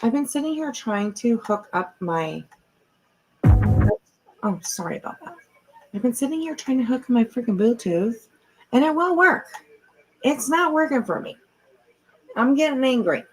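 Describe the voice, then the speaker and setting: A woman's voice: a little high, big pitch swings, a little slow, long pauses, breathy edge, poor audio. A middle-aged woman hosting a casual livestream from home on a computer mic. She talks in a rambling, chatty way and swears freely. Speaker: livestream host.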